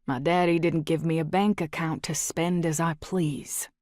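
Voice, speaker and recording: A woman voicing a blunt, resentful young man with a slow Texas drawl and a cold, low delivery. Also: fairly even intonation, darkish tone, no room sound, clean studio sound. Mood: firm.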